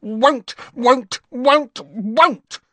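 A man voicing a spiteful male house elf servant with a croaking, shrill voice and stubborn refusals, in an audiobook. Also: extremely slow, sharp tone, dry recording, full character voice. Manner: stubborn muttered refusals rising to a scream. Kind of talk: audiobook character voice.

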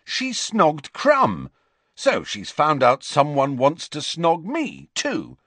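A man voicing a sulky, defensive teenage wizard boy who mumbles resentfully, pitched up and drawn out. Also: wildly swooping pitch, slow, fairly bright tone, dry recording, heavily acted.

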